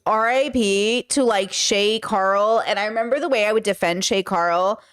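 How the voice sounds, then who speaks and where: A woman's voice: medium pitch, moderate pace, clean tone. A woman hosting a podcast, chatting in a rambling, casual way while reacting to a clip. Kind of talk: casual commentary.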